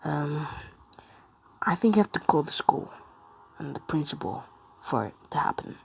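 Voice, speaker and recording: A woman voicing a gentle, caring teenage girl in a fan-made story. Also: deep voice, sing-song, moderate pace, creaky, breathy edge, in a whisper, heavily acted. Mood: helpful.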